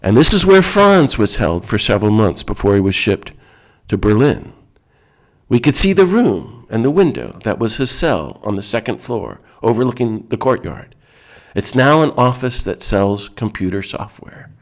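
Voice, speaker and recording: A man's voice: lowish voice, sing-song, moderate pace. A man giving a reflective talk in an earnest, emphatic way.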